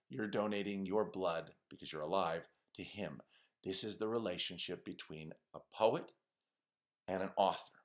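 A man with a fairly low voice teaching a poetry class. He explains lines step by step and keeps asking his students questions. His tone stays friendly and engaged. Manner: lively, asks students questions. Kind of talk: online class lecture.

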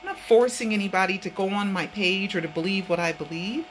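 A woman's voice: medium pitch, a little fast, slight background noise, low-quality recording. A woman hosting her own online show, talking casually from her home office in an earnest, rambling way, often repeating herself. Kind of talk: casual vlog talk.

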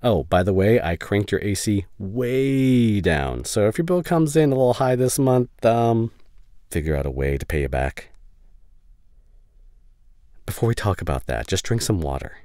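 A man doing a deep, gentle boyfriend in whispered role-play. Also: sing-song, no echo, studio quality. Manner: soft, halting, emotional and reassuring. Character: caring young male best friend. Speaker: ASMR voice actor. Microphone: studio condenser mic.

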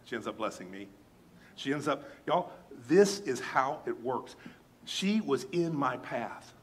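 In a sermon, a man tells a personal anecdote a little slowly, his voice mid-range. He chats straight to the congregation, animated throughout, giving voice to the lines people spoke.

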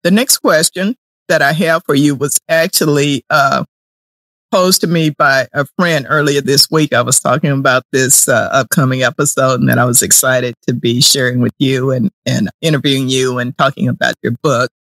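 A male host speaks calmly in a medium-pitched voice as he sets up his next question. The recording is dry and close to the mic. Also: moderate pace, dry recording. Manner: calm, with brief affirmations. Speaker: podcast host. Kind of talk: interview questions.

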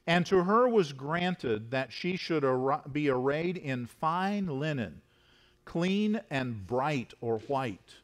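Pastor guy preaching in church, slightly high voice, reads scripture and acts out the voices. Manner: expository preaching with dramatic quoted voices. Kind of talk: sermon. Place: church sanctuary.

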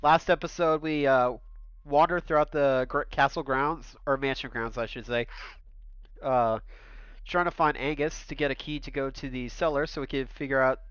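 A man hosting a let's-play with a stuffy nose, energetic and jokey in his commentary. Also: medium pitch, normal speed, clear, resonant tone, no room sound. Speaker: gaming host.

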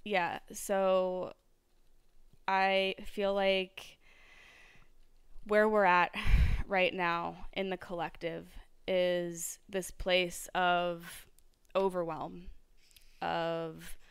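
A woman's voice: on the low side, level tone, drawn-out words, long pauses, clean tone, no echo. A young adult woman hosting a solo podcast, talking in a reflective, rambling way with many fillers and restarts. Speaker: podcast host.

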